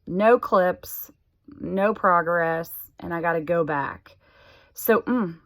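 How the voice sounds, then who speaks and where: A woman's voice: on the low side, measured pace, a bit bright. A woman in her forties talking candidly to the camera, chatty and exasperated. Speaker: vlogger sharing a health update. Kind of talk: casual chat to camera.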